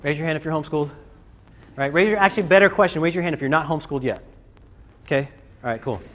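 A man giving a storytelling talk to a student audience, animated and acting out scenes and voices. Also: a little high, rapid-fire. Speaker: speaker addressing students. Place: live talk to a group.

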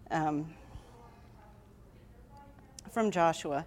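A woman speaks earnestly and from the heart, presenting to an audience. Her voice sits a little low. A faint hiss runs underneath. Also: slow, pauses often, darkish tone. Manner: reads scripture aloud with emphasis. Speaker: conference presenter.

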